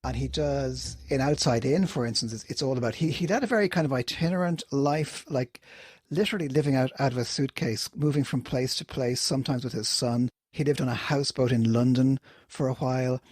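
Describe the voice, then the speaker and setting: A man's voice: mid-range voice, fairly quick, a little mellow, husky, no room sound, studio quality. A man co-hosting a book podcast, talking in a thoughtful, meandering way. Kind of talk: casual book chat.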